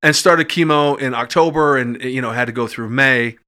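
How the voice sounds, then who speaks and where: Bright-voiced middle-aged man telling a story. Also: medium pitch, moderate pace, clean tone. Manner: animated, acts out voices when excited. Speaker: podcast guest. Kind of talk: casual storytelling.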